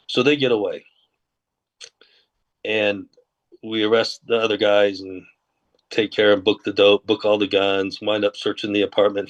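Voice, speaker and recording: A man's voice: on the low side, highs cut off. A man, a former corrections and undercover officer, telling a long story in a podcast interview and acting out the dialogue. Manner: relaxed anecdotal telling, acts out quoted dialogue.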